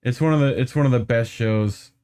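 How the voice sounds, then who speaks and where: A man's voice: mid-range voice, a little fast, mellow, clear, resonant tone. A man hosting a casual podcast chat, rambling with lots of swearing and "like, you know.". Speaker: podcast host.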